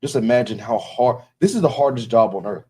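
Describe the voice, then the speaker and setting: A man's voice: medium pitch, lively intonation, fairly quick, darkish tone, slight background noise. A man preaching inside a casual talk. He speaks with emphasis and sounds like he is warning his listeners, and he keeps checking in with them as he goes. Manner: emphatic, warning tone, keeps asking "you know what I'm saying". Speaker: religious teacher.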